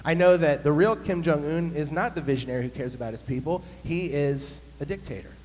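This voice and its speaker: A man, a pastor, telling a humorous story in an animated sermon. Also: fairly high pitch, fairly quick. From United States. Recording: long hall reverb, faint hum.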